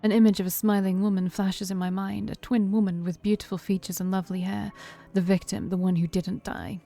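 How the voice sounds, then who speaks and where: A woman streamer reading a game's first-person narration aloud, steady and calm, with brief asides of her own. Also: mid-range voice, fairly quick, vocal fry. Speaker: game streamer. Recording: faint music behind.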